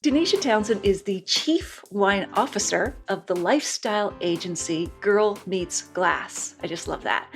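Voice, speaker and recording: An enthusiastic woman hosting a podcast interview, chatting warmly with her guest and laughing easily. Her voice sits at a middling pitch for a woman. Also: breathy edge. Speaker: podcast host.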